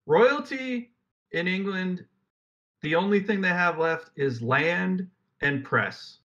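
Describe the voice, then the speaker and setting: A man's voice: high-pitched, lively intonation, takes it slowly, bright, forceful tone. A young man co-hosting a casual podcast, reading facts aloud and riffing with jokes. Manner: rambling, jokey, reads facts aloud then riffs. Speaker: podcast co-host. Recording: dull lo-fi mic.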